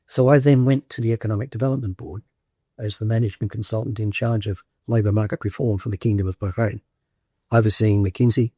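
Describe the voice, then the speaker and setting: An older man with an Australian accent tells his career story step by step in a plain, matter-of-fact way. His voice sits a little low and has a husky edge. The recording is close and dry. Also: steady tone, fairly quick, dark tone, no echo. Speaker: veteran interviewee. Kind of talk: documentary interview, recounting a career.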